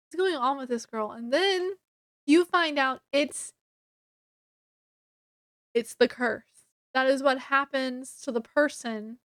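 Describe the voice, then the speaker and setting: A woman talks through a novel she has read, in a casual chatty way, with plenty of "um" and "like" and quick put-on quotes of the characters. Her voice sits high and she takes her time. The sound is dry and close, with no room around it. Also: clear, resonant tone, dry recording. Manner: chatty, many fillers, acts out quotes. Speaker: book reviewer. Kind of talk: casual book review retelling.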